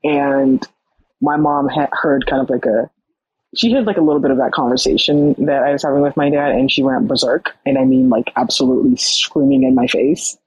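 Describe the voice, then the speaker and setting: A young adult podcast guest telling a personal story in casual, animated talk full of "like". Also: medium pitch, brisk, husky, no room sound, muffled recording. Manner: animated, many fillers like "like".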